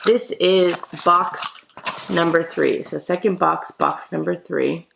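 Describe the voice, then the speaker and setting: Chatty woman with a gravelly voice. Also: on the low side, slow pace, background noise. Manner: chatty, excitable, talks to viewers. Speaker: toy collector vlogger. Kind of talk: casual unboxing vlog.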